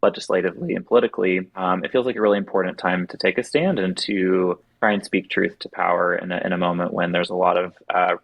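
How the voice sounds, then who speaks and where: A man's voice: low-pitched, fairly even intonation, quick pace, gravelly, few pauses, fairly bright tone, no room sound, rough recording. A man with a light Southern American accent, a drag performer and guest on a podcast, talking in an earnest, thoughtful way. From southern United States. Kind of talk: casual podcast chat.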